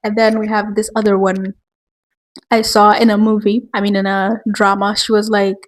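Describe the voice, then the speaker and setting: A woman hosting a casual commentary vlog, chatty and quick to laugh, with lots of filler words. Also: medium pitch, little pitch movement. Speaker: video host.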